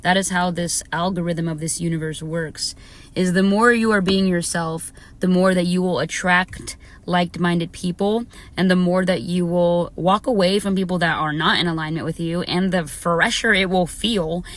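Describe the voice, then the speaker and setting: A young woman talking casually to her viewers as a spiritual YouTuber, laughing often and swearing freely. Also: on the low side. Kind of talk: casual talk to camera.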